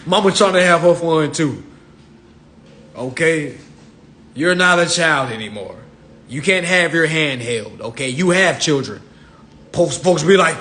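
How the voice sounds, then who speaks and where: A man's voice: mid-range voice, measured pace, pauses often, sharp tone. A man lecturing on a livestream in a streetwise, profane manner, laughing at his own jokes and slipping into mock voices. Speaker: financial self-help lecturer. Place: livestream at home.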